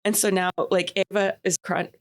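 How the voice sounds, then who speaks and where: A woman, telling a travel story on a podcast with animated energy and frequent laughter. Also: lowish voice, normal speed, dry recording. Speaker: podcast co-host. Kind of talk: casual chat.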